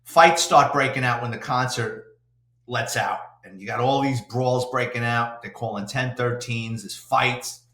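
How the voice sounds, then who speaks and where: An older man, a retired police detective telling salty, animated stories in an interview. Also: medium pitch, unhurried. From New York City. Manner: salty, animated anecdote-telling with acted-out quotes. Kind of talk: storytelling interview. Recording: roomy echo.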